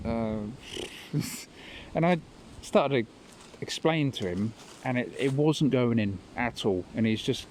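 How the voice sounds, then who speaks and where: Slow, mellow-voiced man rambling. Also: medium pitch, a little hiss or hum, low-quality recording. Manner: rambling, chuckles at his own stories. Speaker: podcast host. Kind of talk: casual storytelling monologue.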